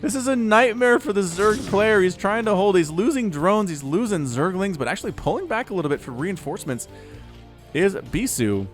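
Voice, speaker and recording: A man casting a real-time strategy match with animated commentary and quick excited bursts. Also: sits high, soft background music. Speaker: StarCraft caster.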